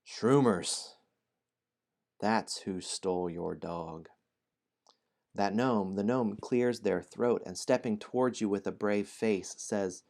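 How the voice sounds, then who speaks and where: A man's voice: lowish voice, takes it slowly, gravelly, a little mellow. A man hosting a game stream, chatting playfully and apologetically with viewers and reading a story aloud, laughing often. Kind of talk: casual stream chat and storybook narration.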